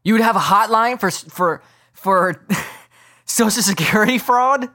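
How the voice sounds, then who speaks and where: A man's voice: high-pitched, measured pace, bright, forceful tone. A man hosting a casual sports podcast, ranting in a rambling, incredulous way. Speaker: podcast host.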